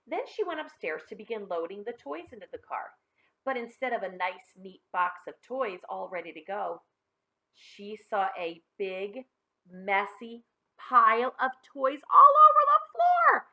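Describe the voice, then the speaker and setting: A woman reading a picture book aloud to children in an expressive, friendly way. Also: mid-range voice, a little slow. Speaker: storybook reader.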